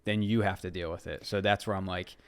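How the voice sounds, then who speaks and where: Easygoing young man, low voice. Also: fairly quick, clear, resonant tone. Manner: relaxed, agreeable, with "it's like" fillers. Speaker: podcast co-host. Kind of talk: casual chat.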